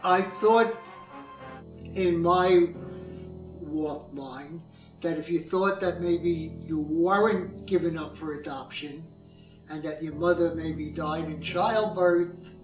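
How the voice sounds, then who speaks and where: A man speaks slowly and haltingly as an adoptive father, in a slightly high voice. He is far from the mic in an echoey space, with guitar music clearly behind him. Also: fairly even intonation. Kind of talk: documentary interview.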